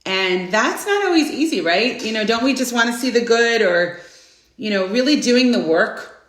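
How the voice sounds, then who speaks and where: A woman in her forties hosting a live inspirational stream, chatting casually and greeting viewers by name with bursts of excitement. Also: on the high side, normal speed. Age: 40s. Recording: roomy echo.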